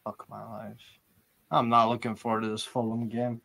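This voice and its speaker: A man's voice: on the low side, normal speed, gravelly. Laid-back man, football watchalong. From New England, USA. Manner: laid-back, swears freely, sudden excited outbursts. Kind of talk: casual live commentary chat.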